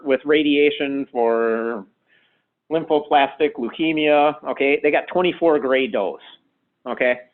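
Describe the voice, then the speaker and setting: A man giving an informal medical lecture in a casual, conversational way, punctuated with frequent "okay"s. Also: on the high side. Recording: tinny phone-like sound.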